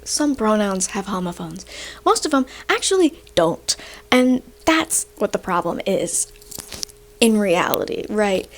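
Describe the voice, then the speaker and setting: A woman's voice: medium pitch, measured pace, slight background noise. A young woman hosting a video, ranting in a casual, sarcastic and rambling way, a little short of breath. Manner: animated, sarcastic, rambling with fillers. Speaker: video host. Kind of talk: casual rant to camera.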